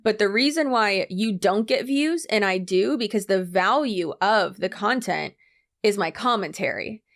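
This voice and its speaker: A woman's voice: medium pitch, animated, unhurried, a bit bright. Woman, commentary host, sarcastic, exasperated, reaction talk.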